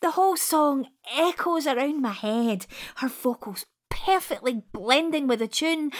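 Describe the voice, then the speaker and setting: A Scottish woman telling a first-person story in an unhurried, soft voice that often drops to a whisper. Her pitch rises and falls widely, and she swears now and then.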